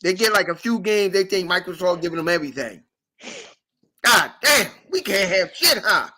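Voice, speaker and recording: High-voiced man ranting profanely. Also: normal speed. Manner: profane, animated, repetitive ranting. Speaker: podcast host. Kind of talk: casual ranting chat.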